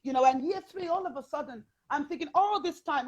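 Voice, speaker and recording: A woman with a British accent telling personal stories as a guest in an interview, animated and chatty, with frequent fillers. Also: sits high, brisk, low-quality recording.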